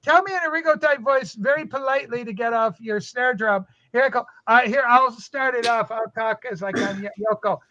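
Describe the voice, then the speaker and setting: A man hosting a casual livestream chat, bossy and animated as he steers the talk. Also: extremely high pitch, a little fast, few pauses, no room sound, dull audio. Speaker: livestream host.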